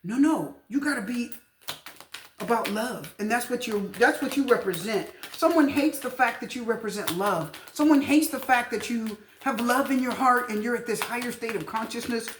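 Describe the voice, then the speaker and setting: A woman's voice: on the high side, moderate pace, reverberant, noisy background. Chatty woman giving a tarot reading. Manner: chatty, emphatic, repeats points to viewers. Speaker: tarot reader. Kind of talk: casual tarot reading to camera.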